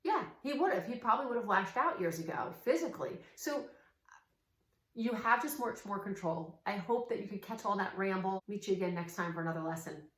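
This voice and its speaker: A woman's voice: medium pitch, expressive, a little fast, a bit bright, echoey room. A woman in her forties, a parenting coach, giving a casual spoken lesson to parents in an earnest, chatty way, slipping into quoted dialogue.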